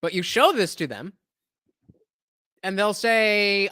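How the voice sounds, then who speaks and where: A man hosting a live stream, commenting on clips in an animated, rambling way. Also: high-pitched, no echo, studio quality. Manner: animated, reacts to clips with quick asides. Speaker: streamer host.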